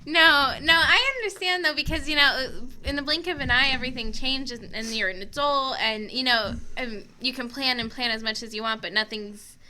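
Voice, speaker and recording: Female co-host, very bright, higher voice, easy and agreeable. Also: normal speed, poor audio. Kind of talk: casual chat.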